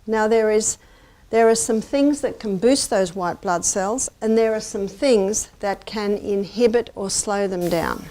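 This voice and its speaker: A woman's voice: mid-range voice, a little slow, mellow. A middle-aged woman giving a chatty, anecdotal health lecture to a live audience and asking them questions. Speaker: health presenter.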